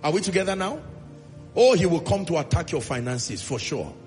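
A man's voice: fairly high pitch, big pitch swings, brisk, darkish tone, in a large hall, faint music behind. A Nigerian man preaching a sermon as pastor, emphatic and hammering repeated refrains.

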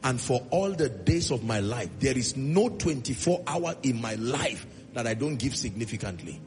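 A man's voice: mid-range voice, animated, moderate pace, darkish tone, big-room sound. A Nigerian man preaching a sermon as pastor, emphatic and hammering repeated refrains.

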